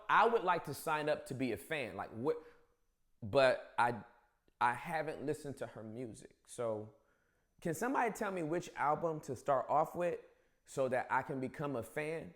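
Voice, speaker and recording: A man hosting a comedic news monologue, emphatic and playful. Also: a little high.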